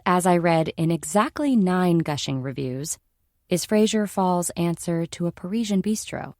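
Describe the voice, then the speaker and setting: A woman's voice: on the low side, darkish tone, no echo, studio quality. A woman narrating a first-person audiobook in a wry, dryly humorous manner.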